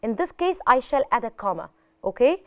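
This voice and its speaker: An Egyptian woman gives a televised English lesson, moving between English and Arabic as she explains. Her voice sits a little high and sounds smooth and clear, and she stresses each example sentence. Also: big pitch swings, moderate pace. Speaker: English teacher. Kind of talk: classroom lesson on a TV channel.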